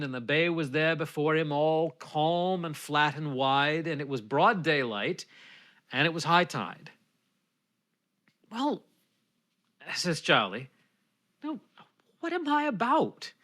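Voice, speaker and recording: A man's voice: a little high, measured pace, pushed and bright. A man reciting a folksy narrative ballad at an online bardic gathering. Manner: folksy down-east storytelling. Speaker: poetry reciter.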